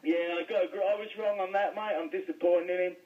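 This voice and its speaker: A man's voice: high voice, steady tone, brisk. An Australian man chatting as a sports guest, laid-back and calling everyone mate. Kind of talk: casual banter. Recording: tinny phone line, distant.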